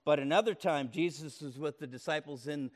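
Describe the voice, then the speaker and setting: A man preaching a sermon, swinging from loud calls to hushed tones and repeating words as he speaks. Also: on the high side, brisk. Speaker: pastor. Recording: long reverb of a hall.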